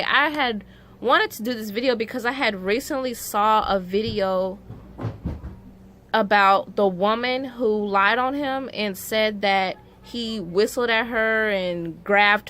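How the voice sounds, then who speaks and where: A woman's voice: mid-range voice, fairly bright tone. A young woman vlogger telling a story in a casual, emotional way, full of "like" fillers and growing indignation.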